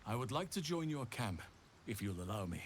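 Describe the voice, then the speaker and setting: A formal, earnest ally. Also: male voice, fairly low pitch, sing-song, slight background noise. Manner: measured, formal.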